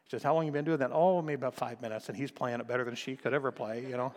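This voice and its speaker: An older man preaches in a church, telling family stories with a folksy touch and rising to emphatic bursts. His voice sits at a middle pitch. It rings with a long reverb from the sanctuary around him. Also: fairly even intonation, very fast, darkish tone. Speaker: pastor. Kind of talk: sermon.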